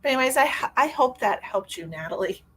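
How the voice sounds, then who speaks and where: A woman's voice: on the high side, fairly quick, a little hiss or hum. Chatty, rambling woman psychic on a live stream. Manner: chatty and rambling, with animated swings from loud to near-whisper. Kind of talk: casual live-stream chat with viewers.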